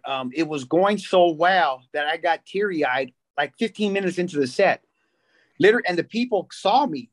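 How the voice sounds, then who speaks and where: A middle-aged man, a stand-up comedian, telling stories in casual podcast chat and acting out quoted voices. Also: fairly high pitch. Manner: animated storytelling with quoted voices.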